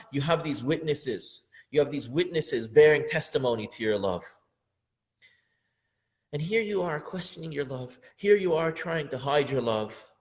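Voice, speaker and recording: A man teaching a religious lesson on a poem, speaking with feeling and rising to emphatic peaks. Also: on the high side. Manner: impassioned, building up to loud emphatic peaks, sometimes half-singing verses.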